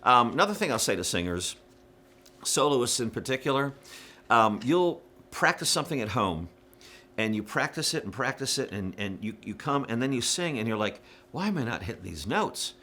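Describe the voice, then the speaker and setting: A man's voice: medium pitch, lively intonation, moderate pace, pushed and bright. A man giving frank, casual coaching to church singers, with plenty of fillers and little demonstrations. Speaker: worship music director. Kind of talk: instructional talk to church singers.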